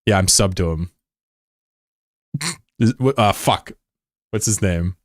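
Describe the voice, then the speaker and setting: A man streaming a game and chatting casually, rambling and swearing, who jumps into high-pitched shouting when something excites him. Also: slow pace, dry recording, studio quality. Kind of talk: casual live-stream chat over gameplay.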